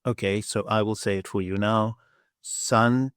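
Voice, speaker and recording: A language teacher with a Greek accent runs a slow beginner vocabulary lesson, patiently sounding out each word syllable by syllable in pronunciation drills. His voice is fairly low and level in tone, captured in a dry, clean studio recording.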